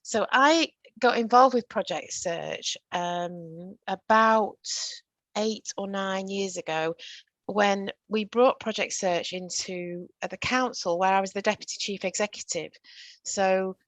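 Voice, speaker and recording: A woman's voice: mid-range voice, slow, a bit bright, dry recording, low-quality recording. A woman, a former council deputy chief executive, giving a chatty virtual training talk with fillers and self-corrections. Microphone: video call.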